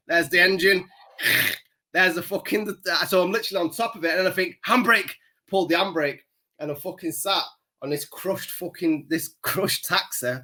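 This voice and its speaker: Male podcast co-host, somewhat high, bright and tense, rambling sweary anecdotes. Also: normal speed. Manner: rambling, swears constantly, laughs at his own story. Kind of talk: casual storytelling chat.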